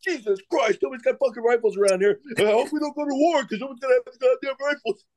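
A man's voice: very high voice, huge pitch swings, very fast, voice pushed up, heavily acted. A man voicing a furious male Marine staff sergeant who barks exasperated, cursing questions. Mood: angry yelling. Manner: barking, exasperated shouting.

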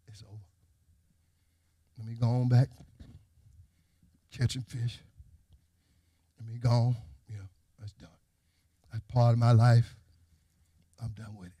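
A male pastor, preaching a sermon in a call-and-response style that rises to shouts. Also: a little high, slightly rough, dry recording, studio quality.

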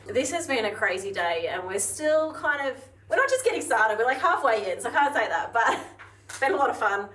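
A woman's voice: a little high, very animated, brisk, fairly bright tone, reverberant, far from the mic, a little hiss or hum. An Australian woman hosting a vlog, chatting and bantering casually in an artist's studio, laughing often. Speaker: vlog host. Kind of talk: casual behind-the-scenes chat.

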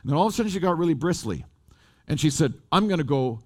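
A man preaching at a camp meeting, telling a personal story in an animated, conversational way. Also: on the high side, rapid-fire. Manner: animated, rising and falling with the story. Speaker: lay preacher. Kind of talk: storytelling sermon.

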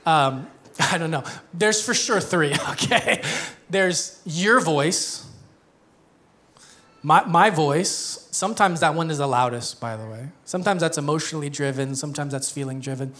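A man's voice: on the high side, measured pace, a bit bright. A man in his thirties preaching a conversational sermon as a pastor, joking and laughing often. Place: church.

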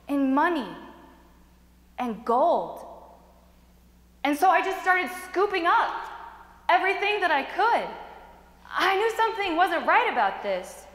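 Young woman voicing an immigrant man's memories; bright, high, echoey chapel. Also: full character voice. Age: young adult. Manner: earnest, measured storytelling. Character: young immigrant man recalling his journey. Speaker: student performer. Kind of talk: theatrical first-person narration. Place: chapel performance. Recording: echoey chapel with long reverb.

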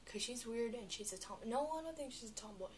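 A young girl talking on a vlog, chatty and animated, with lots of filler words. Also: fairly high pitch, fairly quick, slight background noise. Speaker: vlogger. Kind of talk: rambling vlog monologue.

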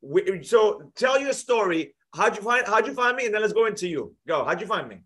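A man's voice: high-pitched, sing-song, fairly quick, fairly bright tone. A man hosting a live trading show, chatting in a friendly, casual way and often repeating himself. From United States. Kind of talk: casual live-stream chat.

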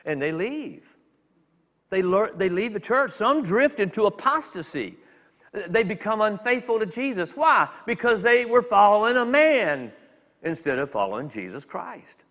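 A man preaching a sermon as a minister, talking in a conversational, animated way with quick acted asides. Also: sits high, in a large hall. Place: church sanctuary.

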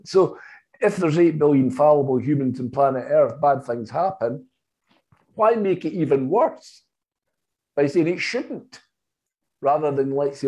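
A British man being interviewed as a psychotherapist, with a slightly high voice for a man. He talks in a measured, anecdotal way and acts out the lines in his stories. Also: warm tone. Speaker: hypno-psychotherapist guest. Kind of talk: interview, storytelling.

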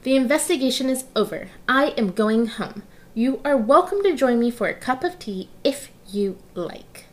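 A woman's voice: on the high side, moderate pace, hardly any pauses, voice pushed up, natural voice. A woman voicing a prim female flamingo neighbor who speaks politely and sounds a little exasperated. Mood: patient.

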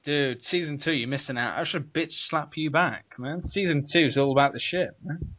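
A young man with a British accent talks in a loose, rambling way, laughing often as he co-hosts a casual gaming podcast. His voice is bright and forward. The recording is dry and a little dull, like a home computer mic. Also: a little high, normal speed, no echo. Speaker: podcast co-host. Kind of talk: casual chat.

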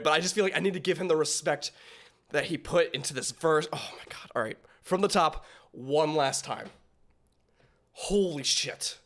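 A man hosting a music reaction video, reacting with loud awe and dropping to soft emotional mutters. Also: fairly high pitch. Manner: excitable, swearing in awe, drifting to hushed mutters. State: emotional, tearing up. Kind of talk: casual music reaction commentary.

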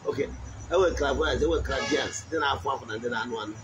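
Man teaching slowly, insects behind. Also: mid-range voice, background noise. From Nigeria. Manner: switches between Igbo and English, frequent check-ins. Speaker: traditional spiritual teacher. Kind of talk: spoken teaching.

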